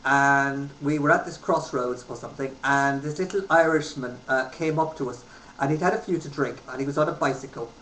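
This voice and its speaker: A man's voice: medium pitch, a little fast, a bit bright. A man in his thirties from England, telling travel stories casually into a webcam, rambling with many ums. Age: 30s. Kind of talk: casual storytelling. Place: home room. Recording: roomy webcam recording with faint hiss.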